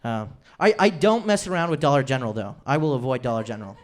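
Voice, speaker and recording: A man's voice: medium pitch, lively intonation, fast. A man in his twenties doing a rambling, self-deprecating stand-up routine on a comedy club stage. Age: 20s.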